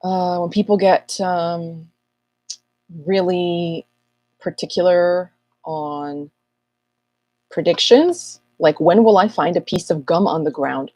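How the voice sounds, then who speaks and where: Woman host of a live astrology Q&A; low, slightly husky voice, loose rambling delivery, dry recording. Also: slow pace, long pauses, warm tone, no room sound. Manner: chatty, rambling, self-mocking. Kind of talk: casual livestream chat.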